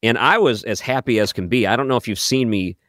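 A man's voice: mid-range voice, fast talker, fairly bright tone, no echo, clean studio sound. A male radio host who talks in an upbeat, playful way and teases his guest. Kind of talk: radio interview. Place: radio studio.

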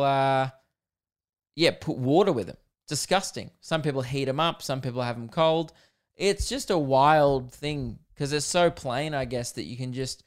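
An Australian man talks through his solo podcast in a loose, rambling, jokey way, full of fillers. His voice is smooth and clear, sitting at an ordinary middle pitch. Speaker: podcast host. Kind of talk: casual solo podcast chat.

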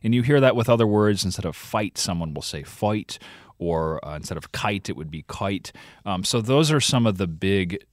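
A man's voice: fairly low pitch, lively intonation, fairly quick, hardly any pauses, dry recording, clean studio sound. A man from Vermont, a reporter and podcast host, explaining carefully in a radio interview with some fillers.

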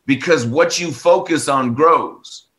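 A man with a bright, sharp tone in an interview. He tells stories with energy and slips into the voices of the people he quotes. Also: on the high side, takes it slowly. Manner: animated storytelling, acts out quoted dialogue. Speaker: former baseball pitcher, author.

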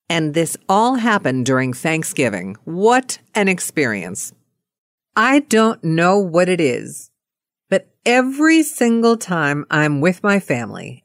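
A middle-aged woman telling a personal anecdote in a playful, animated way. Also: on the low side, no echo, clean studio sound. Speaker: storyteller.

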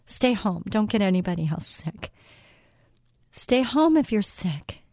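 A woman's voice: mid-range voice, big pitch swings, unhurried, warm tone, no room sound, studio quality. A middle-aged woman hosting a faith-based talk radio show, speaking earnestly and putting direct questions to her listeners.

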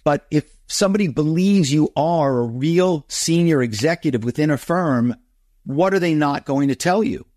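A man's voice: fairly high pitch, normal speed, a little mellow, no echo, studio quality. A middle-aged man, a guest author, telling stories in an interview and acting out phone calls in other voices. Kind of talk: interview storytelling.

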